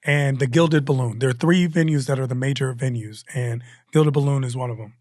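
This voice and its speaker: A male comedian guest telling stories in a casual, animated chat, full of quick asides and restarts. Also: mid-range voice, dry recording, clean studio sound.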